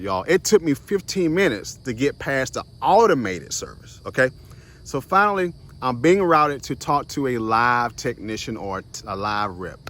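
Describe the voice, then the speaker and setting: A young man hosts a short motivational video series. He tells a personal story in a casual way, talks straight to his viewers, laughs often and acts out the other voices. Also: medium pitch. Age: young adult. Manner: animated, chatty, addresses viewers directly as "y'all" and "guys".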